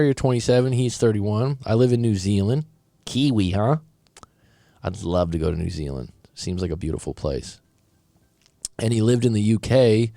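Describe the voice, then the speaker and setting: A man's voice: fairly low pitch, dark tone, no echo. A man, a breakup coach, reads out a viewer's story and comments on it in a casual, direct way, sometimes stumbling over his words. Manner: casual and direct, thinks aloud, some stumbles.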